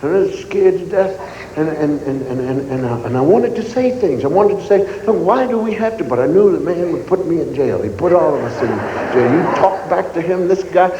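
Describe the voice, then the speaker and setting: A man in his forties telling an animated stand-up story on a theater stage, acting out scenes. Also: fairly high pitch, moderate pace, muffled recording. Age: 40s. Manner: animated, acts out scenes and voices. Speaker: stand-up comedian. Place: large theater stage, live show. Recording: echoey theater hall, audience noise.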